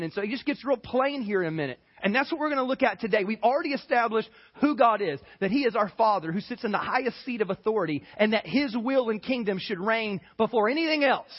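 High-voiced husky male pastor. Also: lively intonation, fast, few pauses, dull audio. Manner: casual, asks the congregation to respond. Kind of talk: conversational sermon.

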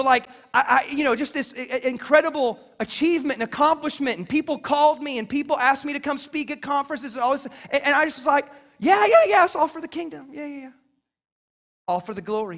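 A male pastor preaching a sermon, swinging between loud emphasis and hushed low lines, often repeating words as he goes. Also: big-room sound. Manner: stumbles and repeats words in bursts.

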